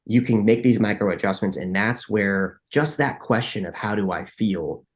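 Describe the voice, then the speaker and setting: Low-voiced man explaining with animated asides. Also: moderate pace. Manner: animated, explanatory, acts out inner dialogue; frequent restarts and filler likes. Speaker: podcast guest. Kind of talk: conversational interview.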